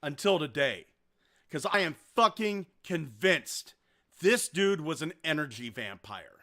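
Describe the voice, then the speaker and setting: Male podcast host, high bright voice, profane, animated storyteller. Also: unhurried. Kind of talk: casual storytelling.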